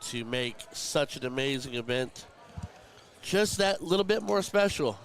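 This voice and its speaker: A man's voice: mid-range voice, lively intonation, unhurried. A man hosting a live darts tournament stream, chatting and commentating in a heartfelt, emotional way.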